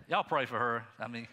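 A middle-aged male pastor preaching a sermon in a folksy, animated way, talking straight to the congregation. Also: mid-range voice, long reverb tail, a little hiss or hum. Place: church sanctuary.

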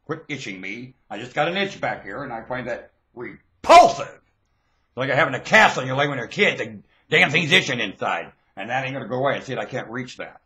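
A man delivering a preachy, ranting monologue into a webcam microphone, lurching between muttering and shouting. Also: mid-range voice, lively intonation, fairly quick.

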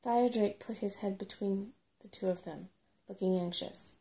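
Here a woman with a mid-range voice reads from a storybook in a hushed ASMR manner. She goes slowly and tenderly, a slight gravel running through her tone.

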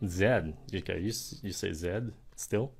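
A woman's voice: very deep voice, a little slow, vocal fry, a little mellow. A Vietnamese woman hosting a casual pronunciation lesson, asking curious questions and reacting with surprise. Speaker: host, English teacher.

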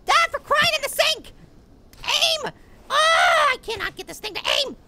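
A man voicing a tiny, excitable male cartoon apple who gives gameplay commentary and gets riled up at his opponent. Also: a little slow, gravelly, heavily acted. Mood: excited. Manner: squeaky, easily riled, shouting at opponent. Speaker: let's play gamer.

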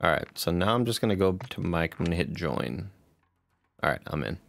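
A man's voice: low-pitched, big pitch swings, brisk, gravelly, a bit bright, soft background music. A man hosting his game stream, chatting casually with friends and thanking viewers, self-deprecating and talkative. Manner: self-deprecating, chatty, reads chat aloud. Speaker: streamer host. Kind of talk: casual chat while gaming.

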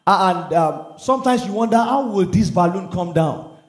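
A man's voice: high-pitched, lively intonation, moderate pace, reverberant. A man preaching a sermon, earnest and emphatic, asking the listeners questions. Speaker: pastor.

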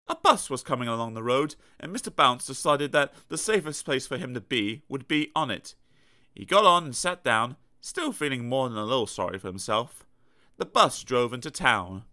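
Lively, bright-voiced storybook narrator, male. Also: medium pitch, moderate pace. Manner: lively, playful sound effects. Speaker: audiobook narrator. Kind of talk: children's storybook reading.

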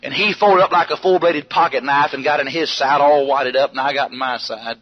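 A man preaching a storytelling sermon, animated, bursting into shouts and yells as he tells it. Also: mid-range voice, fairly quick. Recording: dull lo-fi archive sermon tape with faint hiss.

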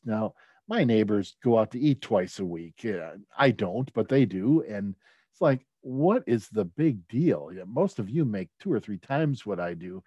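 A man's voice: lowish voice, animated, unhurried, warm tone, dry recording. A middle-aged man telling a personal story in a conversational way, with many fillers and restarts. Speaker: speaker at a leadership talk.

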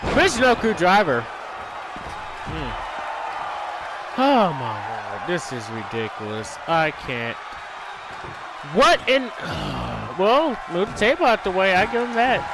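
A man hosting a gaming channel, giving casual commentary on a wrestling game, exasperated, shouting at the screen and swearing. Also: high-pitched, very animated, slow, pauses often. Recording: game audio with loud crowd noise. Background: video game crowd noise.

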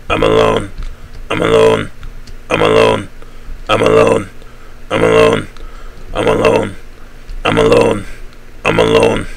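A man voicing a dim-witted male orc warrior in a game role-play, droning the same short phrases in a low growl. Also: noisy background, exaggerated voice. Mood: glum. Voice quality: gravelly, slow and repetitive.

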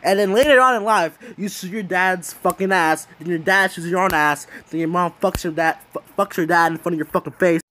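A man's voice: sits high, flat delivery, fairly quick, hardly any pauses, sharp tone, a little hiss or hum. A man giving rambling, profane casual commentary on a video. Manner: rambling, heavy swearing, trailing restarts. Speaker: YouTube commentator.

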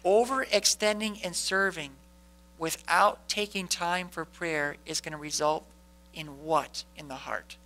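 A man's voice: on the high side, normal speed, sharp tone, rough recording. A man leading a parish Bible study in a conversational way, often asking the group questions and answering them himself.

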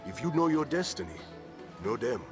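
A man playing a courteous medieval knight from a fantasy video game, speaking in stately, archaic turns of phrase with a mid-range voice that rises and falls expressively. Loud game music plays under him. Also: medium pitch, sing-song, normal speed, natural voice. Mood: courtly. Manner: formal, archaic diction.

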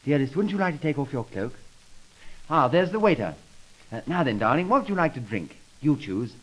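A man's voice: a little high, very animated, fairly quick, poor audio. A man playing a lovesick young man-about-town in a 1930s comedy sketch, talking in a gushing, theatrical way on an old record.

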